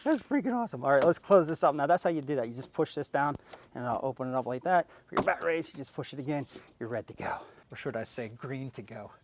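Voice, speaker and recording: Over a noisy background, a man talks quickly and animatedly at a medium pitch while reviewing a riding mower outside. He's a tool reviewer making a relaxed demo vlog, walking through every step in a chatty, eager way, recorded on a camera mic and at times an action cam attached to the mower.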